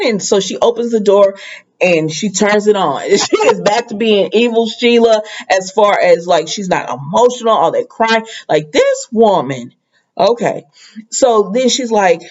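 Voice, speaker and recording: A woman's voice: mid-range voice, animated, normal speed, darkish tone. Chatty woman recapping, dull lo-fi sound. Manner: chatty, addresses viewers directly. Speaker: soap opera recap vlogger. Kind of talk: casual spoken recap.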